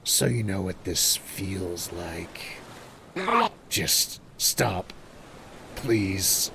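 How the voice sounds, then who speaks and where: A man voicing an eerie, pleading fish creature in a low, hushed voice that is partly whispered. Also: very slow, gravelly, noisy background, heavily acted.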